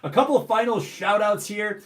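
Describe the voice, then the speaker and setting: An upbeat American man hosts a live stream Q&A, calling out greetings to viewers from many places. His voice is high-pitched at a moderate pace, and he sounds far from the mic, off-mic with a roomy echo.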